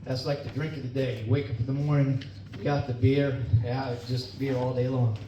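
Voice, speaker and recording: A man's voice: medium pitch, little pitch movement, fairly quick. A middle-aged man performing a stand-up comedy set on stage, telling folksy stories and laughing at his own jokes. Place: club or bar stage. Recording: echoey room, distant mic, dull, noisy.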